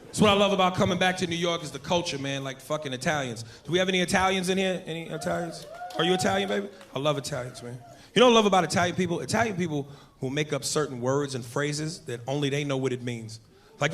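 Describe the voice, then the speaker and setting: Brash stand-up guy cracking crude jokes, slightly high voice, faint club hum behind. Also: lively intonation, fast talker, a bit bright. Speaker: stand-up comedian. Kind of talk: stand-up comedy set. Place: comedy club stage.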